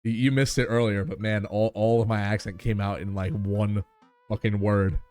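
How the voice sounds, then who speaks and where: A man's voice: fairly low pitch, flat delivery, normal speed, a little mellow. Chatty New York streamer guy. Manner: chatty, laughs easily, swears casually, talks to chat. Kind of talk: casual live-stream chat and reading a game.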